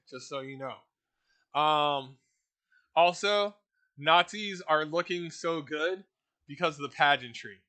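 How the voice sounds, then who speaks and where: A man's voice: on the high side, fairly bright tone. A man giving a profane, rambling, casual explanation of a role-play setting.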